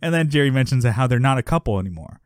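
Animated man recapping a sitcom, laughing. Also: fast, no room sound, clean studio sound. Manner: animated, laughs often, acts out characters in a high yelling voice. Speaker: podcast co-host. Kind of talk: casual chat recapping a sitcom episode.

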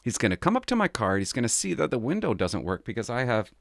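Animated middle-aged man, gravelly voice. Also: medium pitch, fast talker, no echo. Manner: animated, acts out the people he quotes. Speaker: former police officer telling a story. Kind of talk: casual storytelling monologue.

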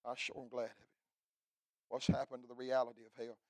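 A middle-aged man preaching a fiery revival sermon, swinging from loud cries to hushed telling. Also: mid-range voice, level tone, quick pace, no room sound. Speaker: pastor.

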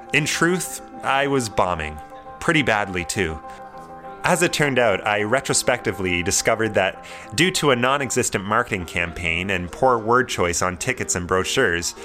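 A young man tells his own story in a wry, measured voice that is low and bright-edged. Faint music runs underneath. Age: young adult. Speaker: narrator. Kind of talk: reflective personal narration.

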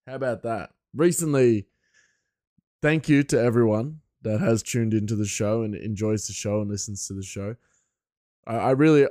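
A man's voice: lowish voice, a little mellow, no echo, studio quality. A man hosting a solo podcast in a casual, rambling way, often restarting his sentences, with a stuffy nose. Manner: rambling, self-correcting. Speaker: podcast host.

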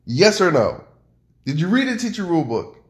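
A man co-hosting a casual home podcast, arguing loudly and with lots of energy. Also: high voice, moderate pace, echoey room. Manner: argumentative, loud and animated. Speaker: podcast co-host. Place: home room with noisy neighbors upstairs.

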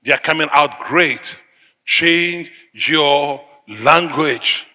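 A middle-aged man from Africa, preaching a sermon in emphatic, repeated declarations that burst into loud peaks. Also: a little high, very slow, in a large hall.

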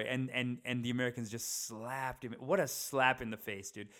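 A man's voice: medium pitch, fairly even intonation, moderate pace, hardly any pauses, fairly bright tone. A young man talking to the camera in a rambling, casual monologue, swearing and chatting with many fillers and restarts. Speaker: vlogger. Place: indoors at his parents' house.

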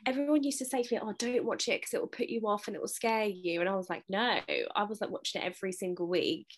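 A woman's voice: mid-range voice, steady tone, quick pace. A woman co-hosting a casual podcast, easygoing and giggly, making fun of herself. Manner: giggly, easygoing, self-deprecating. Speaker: podcast co-host. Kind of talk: casual chat.

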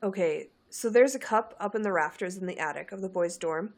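A woman's voice: mid-range voice, brisk, natural voice. A woman reading the lines of a boastful, gossiping teenage boy wizard in a fan story. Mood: conspiratorial. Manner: conspiratorial, bragging storyteller.

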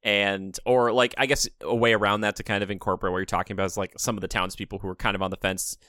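A man's voice: lowish voice, little pitch movement, fast, pushed and bright, dry recording, studio quality. A man co-hosting a podcast in casual chat, rambling and acting out little quotes in funny voices. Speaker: podcast co-host.

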